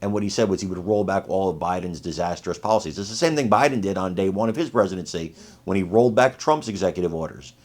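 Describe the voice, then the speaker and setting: A man's voice: low voice, fast talker. A man hosting his channel, giving emphatic, indignant political commentary. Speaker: channel host.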